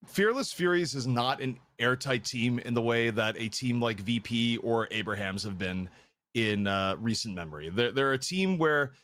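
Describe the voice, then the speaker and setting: A man's voice: mid-range voice, expressive, moderate pace, fairly bright tone, no room sound. A man casting an esports match, giving analytical commentary and thinking aloud with frequent restarts. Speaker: esports caster.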